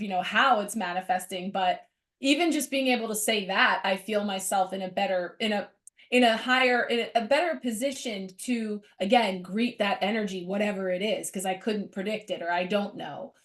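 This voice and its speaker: A woman's voice: medium pitch, normal speed, a bit bright. A middle-aged woman co-hosting a casual spiritual chat, reflective and lifting her voice for quoted thoughts. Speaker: co-host.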